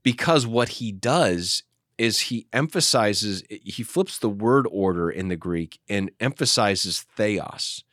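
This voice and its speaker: A man with a fairly low voice teaches scripture as a pastor, talking through passages in an animated way and often restarting mid-sentence. The sound is dry and close, with no room echo. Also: slow. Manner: explanatory, animated, with frequent restarts. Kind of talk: teaching discussion.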